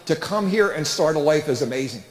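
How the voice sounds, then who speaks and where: A middle-aged man doing stand-up comedy at a church event, telling stories with big animated voices. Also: on the high side, fairly quick. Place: church hall with live audience. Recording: roomy hall reverb.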